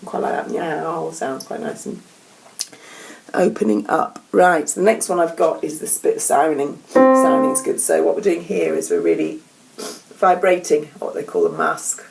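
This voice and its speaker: A woman leading vocal warm-up exercises in a gentle, encouraging, unhurried way. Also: deep voice, big pitch swings, vocal fry, soft background music, rough recording. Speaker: vocal coach. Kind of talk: casual instructional talk. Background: keyboard playing.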